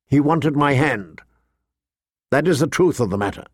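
A man's voice: medium pitch, expressive, moderate pace, no room sound, clean studio sound, natural voice. A man reading aloud, voicing a proud, cold noblewoman with a stern, clipped manner.

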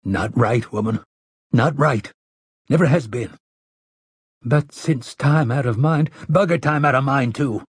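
A man with a husky voice playing a grim, weary middle-aged frontier farmer in an audiobook, speaking low and grave in a rustic dialect. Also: slow pace, pauses often, a little mellow, no echo, studio quality. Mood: impassioned. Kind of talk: audiobook character voice.

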